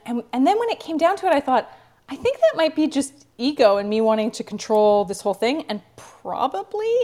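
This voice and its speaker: A woman's voice: a little high, darkish tone. Chatty reflective woman author. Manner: reflective and chatty, many fillers. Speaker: author being interviewed. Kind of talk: casual interview talk.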